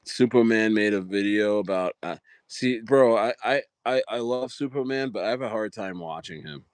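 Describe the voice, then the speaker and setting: A man's voice: fairly low pitch, moderate pace, no echo, clean studio sound. A man hosting a casual livestream, chatting in a rambling way with lots of fillers and restarts. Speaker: livestream host.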